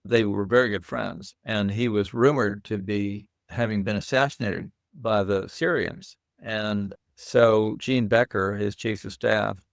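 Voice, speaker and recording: An older man with a low, gravelly voice tells stories as a guest in a relaxed interview. He talks in a lively, anecdotal way. The recording is dry and close. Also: unhurried, few pauses, no room sound. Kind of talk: casual interview storytelling.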